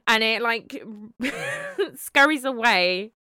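A woman co-hosting a podcast, chatting casually, animated and laughing often. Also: fairly high pitch, very slow, smooth, dry recording, studio quality. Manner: animated, laughing, swears freely. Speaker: podcast co-host. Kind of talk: casual chat.

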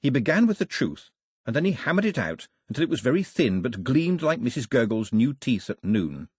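A male audiobook narrator with a husky, slightly raspy voice that moves widely in pitch as he tells the story. His reading is expressive with a dry wit, recorded close and dead dry. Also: a little fast, no room sound. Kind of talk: scripted narration. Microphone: close studio mic.

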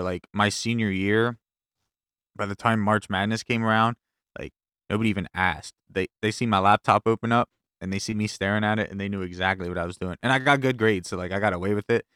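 Low smooth-voiced young man, dry close sound. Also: fairly even intonation, brisk, fairly bright tone, no room sound. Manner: laid-back storyteller, laughs easily. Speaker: podcast co-host. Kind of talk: casual chat.

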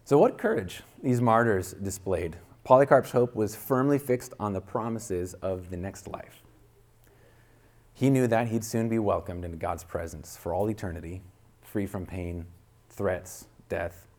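A man with a fairly low voice delivers a sermon. He reads a story aloud in an earnest way, pressing harder on key phrases. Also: a little slow, a little mellow. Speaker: preacher.

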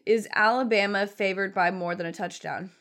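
A woman's voice: medium pitch, steady tone, moderate pace, a bit bright. A woman co-hosting a casual sports chat with brief, playful interjections. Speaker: podcast co-host.

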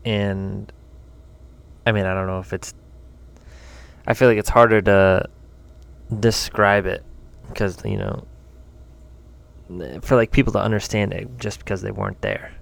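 A man's voice: lowish voice, little pitch movement, a little slow, creaky, pauses often. A man co-hosting a podcast, giving brief, laid-back replies in casual chat. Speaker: podcast co-host.

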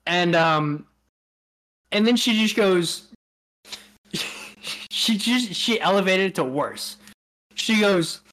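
On a podcast, a male co-host rambles through an anecdote in casual conversation, laughing a lot and acting out what others said. His voice sits high and sounds expressive and fairly bright. He takes his time, pausing often.

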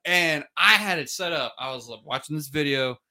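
A man hosting a casual sports podcast, telling stories in an animated way and swearing freely. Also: a little high, moderate pace. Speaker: podcast host.

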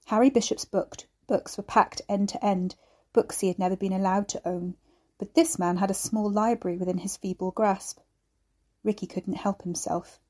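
A woman reads her own dark novel aloud in a measured, steady storytelling voice. Her tone is warm and mellow. She gives the grim scenes calm, even weight. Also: mid-range voice. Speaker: author reading her novel. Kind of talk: audiobook narration.

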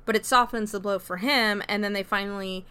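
A woman's voice: mid-range voice, steady tone, a little fast, bright, forceful tone, clear, resonant tone. A woman casually recapping a movie plot in a chatty, loose way, full of "like" and "you know" and freely dropping swear words. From America. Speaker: movie reviewer.

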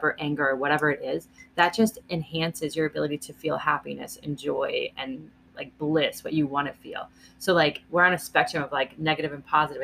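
A woman's voice: low-pitched, creaky, a bit bright, slight background noise. A woman co-hosting a podcast, giving earnest advice in casual chat and swearing now and then.

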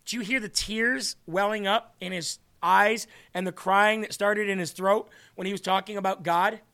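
A man hosting a live-streamed faith talk show, reading viewer comments and talking in an earnest, excitable way. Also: sits high, moderate pace, creaky. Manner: earnest, excitable, restarts and laughs often. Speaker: host of an online faith show.

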